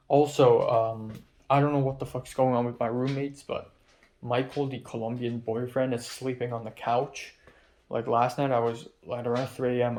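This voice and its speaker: Young male vlogger, mid-pitched voice, angry and profane confessional rant. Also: darkish tone. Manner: agitated, profane ranting. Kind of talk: confessional video diary. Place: his apartment, indoors.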